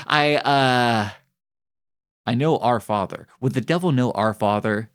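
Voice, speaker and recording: A man streaming a video game, chatting casually and getting excitable, his voice jumping up when amused. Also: a little slow, clear, resonant tone. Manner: excitable, jumps high when amused or surprised. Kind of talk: casual live-stream chat while playing a game.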